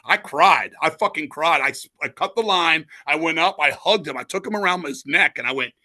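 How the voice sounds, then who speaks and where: This is a middle-aged man with a very bright, forceful voice, telling stories fast and loose. He swears constantly. His pitch sits on the high side for a man. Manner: profane, animated storyteller. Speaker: guest musician. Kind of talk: casual storytelling interview.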